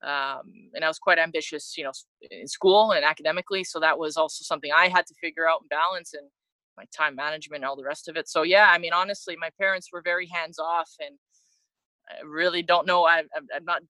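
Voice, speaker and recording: A woman's voice: low voice, steady tone, fast, pushed and bright, no echo, low-quality recording. A woman from Canada, an interview guest, telling her story in a candid, reflective way with frequent restarts. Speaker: interview guest, former soccer player.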